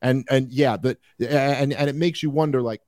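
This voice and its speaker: A man hosting a podcast, talking through political commentary in a rambling, animated way with many fillers. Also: mid-range voice, moderate pace, no echo, clean studio sound. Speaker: podcast host.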